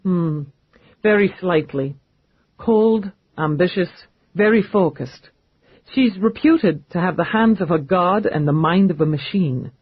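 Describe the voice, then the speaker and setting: A wealthy, smooth-talking man with a calm, dryly amused delivery, as the narrator plays him. His voice is husky and sits fairly high for a man, recorded dry with a slightly muffled sound. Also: measured pace, no room sound.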